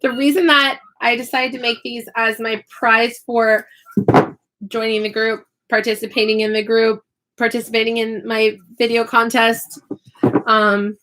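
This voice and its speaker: A woman chats on a live stream as she works on a craft project. She is chatty, apologizes often and pokes fun at herself. Her voice sits a little high and sounds bright and forceful. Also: level tone, a little slow, a little hiss or hum. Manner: chatty, apologetic, self-deprecating. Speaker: online English teacher and YouTuber.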